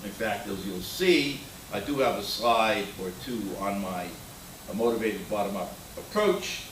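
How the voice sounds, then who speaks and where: A man's voice: fairly low pitch, lively intonation, measured pace, slight background noise. An older man giving a conference keynote, opinionated and anecdotal, with frequent filler words. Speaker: keynote speaker. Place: conference hall. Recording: roomy hall sound from a distant mic.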